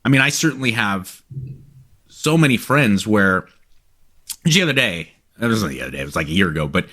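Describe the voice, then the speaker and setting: Man, 40s, podcast co-host, lively storyteller, lots of pitch movement. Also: fairly quick. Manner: storytelling, acts out quotes. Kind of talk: casual chat.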